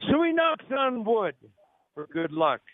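In an extremely high, sing-song voice at a measured pace, a man running a live on-location radio show pitches a restaurant with jokey salesman flair. The narrow, phone-like audio is dry with no echo.

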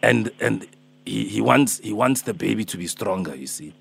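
A man's voice: fairly low pitch, expressive, moderate pace, creaky, a bit bright, breathy edge, full character voice. A man voicing a fussy, pleading elderly man who chases a debt in a prank phone call, rambling and hesitant. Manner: rambling, hesitant, calls her Mama and my darling.

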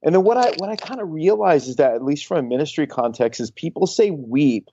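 Pastor co-host, fairly high male voice, emphatic rambling, dry lo-fi sound. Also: lively intonation, dark tone, slight background noise. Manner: rambling, emphatic, quick bursts. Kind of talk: casual chat. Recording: dull, slightly lo-fi dry sound.

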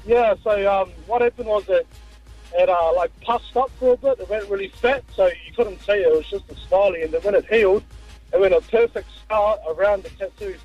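A man, calling in to a radio show and telling a story in a halting, rambling way. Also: high-pitched, darkish tone, soft background music. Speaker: caller. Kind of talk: casual phone chat. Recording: muffled phone line.

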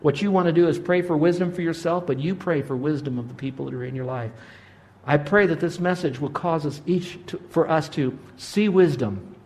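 A man's voice: fairly high pitch, a little fast, a little mellow. Man preaching an emphatic sermon. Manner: preaching, numbered points and altar call; rising to emphatic exhortation. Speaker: pastor.

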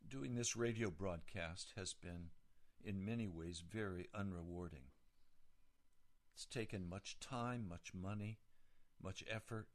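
A man hosting a religious radio broadcast, speaking in a slow and deliberate manner. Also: sits low. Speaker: radio preacher. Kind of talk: casual address on a religious broadcast.

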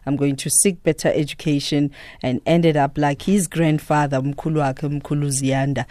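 A man's voice: a little high, fairly even intonation, darkish tone, dry recording. Chatty South African male radio host. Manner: chatty, many filler pauses, mixes in Zulu words. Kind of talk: radio interview. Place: radio studio.

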